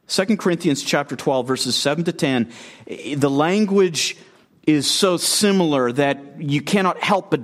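A man preaching an expository sermon as a guest speaker, earnest and emphatic, often repeating phrases and asking the listeners questions. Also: fairly high pitch.

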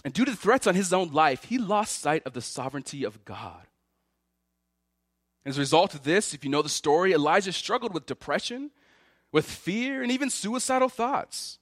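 A man's voice: high voice, moderate pace, no room sound, clean studio sound. A man preaching a sermon, voicing the words of biblical figures with feeling. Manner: animated preaching, voices Elijah's and God's words with feeling. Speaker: pastor.

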